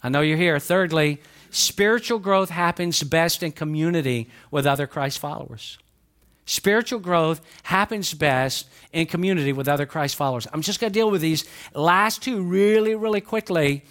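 Southern male pastor, high tenor, emphatic pulpit delivery that rises and drops. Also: moderate pace. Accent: Southern American. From Southern United States. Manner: emphatic preaching, swinging between raised exhortation and quiet asides. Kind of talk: sermon. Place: church sanctuary.

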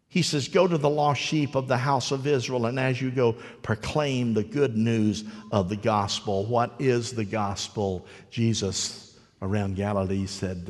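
A man preaching a sermon as pastor, telling a story with halting restarts and acting out a child's voice. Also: mid-range voice, steady tone, long reverb tail. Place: church.

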